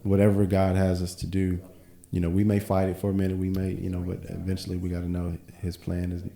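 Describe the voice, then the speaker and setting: A man's voice: deep voice, monotone, fast, gravelly, warm tone, echoey room. A man co-hosting a casual podcast conversation, telling earnest stories and speaking about his faith. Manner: earnest storytelling with faith talk. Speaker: podcast co-host.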